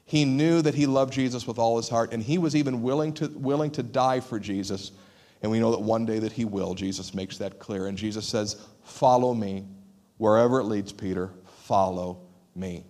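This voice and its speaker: A man preaching a sermon as pastor, in an animated, conversational way. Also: mid-range voice, brisk. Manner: animated, conversational, acts out quoted voices.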